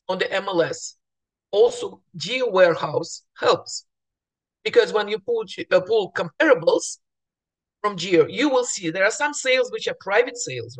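A woman real estate agent speaking to fellow agents in a morning voice, telling stories chattily with restarts and acted-out bits of dialogue. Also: lowish voice. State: morning voice, clearing throat.

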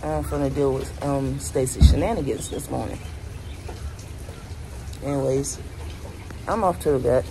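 A woman's voice: very deep voice, unhurried, long pauses, very noisy. A middle-aged woman chatting casually to her vlog camera and venting candidly about her morning. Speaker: vlogger.

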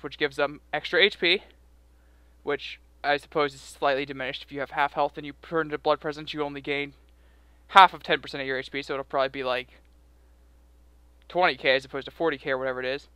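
A man's voice: a little high, fast talker, bright, forceful tone, clear, resonant tone, no echo. A young man out of breath, giving rambling, self-correcting casual commentary on a game. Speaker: game video creator.

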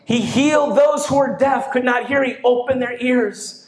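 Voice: high-pitched, normal speed. Emphatic pastor preaching in an echoey hall. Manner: preaching with rising emphatic bursts. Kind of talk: sermon. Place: church hall.

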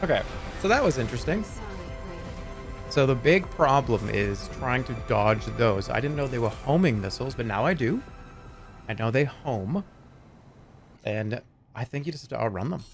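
A man streaming a video game live, narrating his play in an animated, self-mocking way with quick exclamations. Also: medium pitch, music in the background. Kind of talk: live gameplay commentary.

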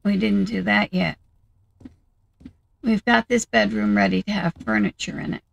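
Gravelly-voiced woman thinking aloud. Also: medium pitch, highs cut off. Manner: thinking aloud, chatty and unhurried. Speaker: gaming video host. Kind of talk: casual game commentary.

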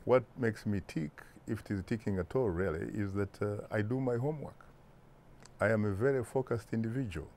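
A Ugandan-accented man in his sixties, answering interview questions in a deliberate, emphatic way with rhetorical asides. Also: on the low side, darkish tone. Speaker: interview guest, broadcast journalist.

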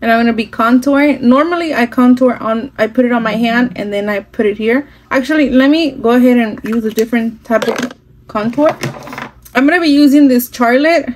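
A woman talks through her makeup steps in a loose, chatty way. She drops in phrases and the odd curse word. Her voice sits a little high and was recorded on a phone indoors at home. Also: brisk, a little mellow, a little hiss or hum, low-quality recording. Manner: chatty, switching into Spanish phrases, some swearing. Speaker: makeup vlogger. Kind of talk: casual makeup tutorial chat.

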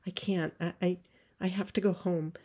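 A woman's voice: fairly low pitch, steady tone, moderate pace, warm tone, breathy edge. A woman voicing a frightened, wounded young girl who pleads to go home. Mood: refusing. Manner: pleading, insistent refusals.

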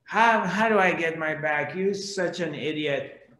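Guy doing a mad scholar yelling insults, slow, echoey. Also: on the high side, a little hiss or hum. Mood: enraged. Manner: shouting insults. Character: furious learned man, short-tempered.

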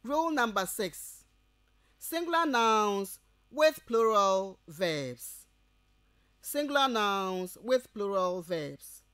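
In a radio lecture for university students, a woman with a Ghanaian English accent slowly restates each point as if dictating, pausing to confirm they follow along. Her medium-pitched voice is expressive and a bit bright, with no echo.

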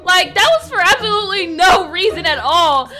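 A woman's voice: very high-pitched, expressive, moderate pace. A woman narrating a game role-play as the main character, chatty and dramatic. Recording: voice over background music.

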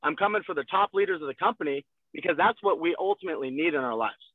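A man's voice: fairly high pitch, fast, no echo. Man on a tinny phone-like line. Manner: direct, coaching, repeating instructions. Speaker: guest sales leader. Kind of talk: motivational sales talk on a call. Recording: tinny, dry phone-like call audio.

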